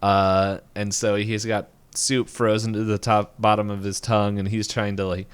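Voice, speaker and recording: A man co-hosting a podcast, casually retelling a cartoon episode in a rambling way and acting out quick lines. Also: lowish voice, clear, resonant tone. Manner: rambling, animated retelling with quick voiced quotes. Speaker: podcast co-host. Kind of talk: casual recap chat.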